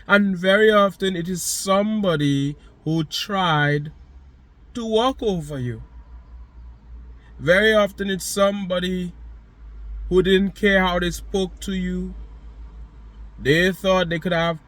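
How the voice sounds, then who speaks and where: A man's voice: high voice, slow, pauses often, a bit bright. A man giving a motivational monologue, speaking to the listener directly with emphatic, repeated phrases.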